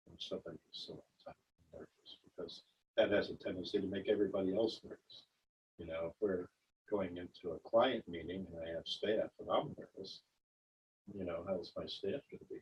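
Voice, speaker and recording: A man in a Bible study group, talking in a relaxed, conversational way with many fillers. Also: sits low, a little fast. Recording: distant, dull room recording with faint noise.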